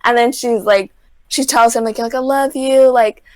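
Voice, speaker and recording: A young woman, a guest on a podcast, casually retells a reality show in a voice on the high side at a moderate pace. She says "like" constantly and animates her story by acting out what people said. The recording is dry.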